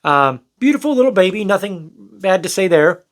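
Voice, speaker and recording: High-voiced candid young man telling a story. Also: big pitch swings, normal speed. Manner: candid, rambling, swears, acts out quoted lines. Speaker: storyteller vlogger. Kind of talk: casual storytelling to camera.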